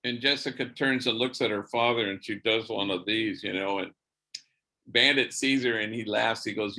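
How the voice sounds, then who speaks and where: A man, a priest, telling a story in a church lecture, animated and sprinkled with Spanish slang words. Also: on the low side, moderate pace.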